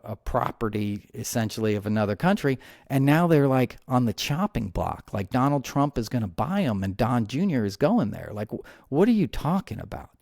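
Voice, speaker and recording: A man's voice: medium pitch, creaky, darkish tone, no echo, studio quality. A man hosting a podcast, ranting heatedly about politics with many restarts and repeated words. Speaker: podcast host. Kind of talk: angry political commentary.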